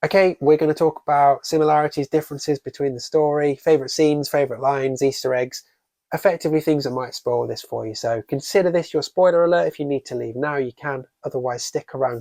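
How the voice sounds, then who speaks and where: A man's voice: a little high, a little fast, creaky, darkish tone, no echo. A man reviewing a horror film in a casual scripted style, sarcastic and swearing freely.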